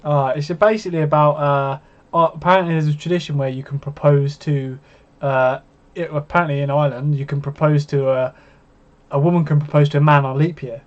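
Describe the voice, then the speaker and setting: A man's voice: on the high side, steady tone, fairly quick. A man co-hosting a darts watch-along, joking casually and calling scores as they land. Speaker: co-host and darts commentator. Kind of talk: casual chat with live darts calls. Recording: dull lo-fi stream audio.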